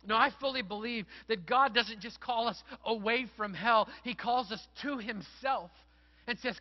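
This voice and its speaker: A middle-aged man delivers a sermon as a pastor, his voice sitting high for a man. He talks like he is telling stories to friends, then leans into earnest emphasis. The recording sounds muffled and lo-fi. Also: moderate pace. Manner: conversational storytelling, building to earnest emphasis.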